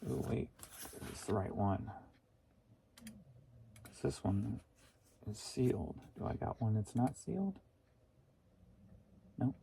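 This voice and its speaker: A man's voice: fairly low pitch, lively intonation, slow pace, vocal fry, long pauses, noisy background. A man who resells online, talking casually to himself while packing orders. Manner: thinking aloud, muttering to himself.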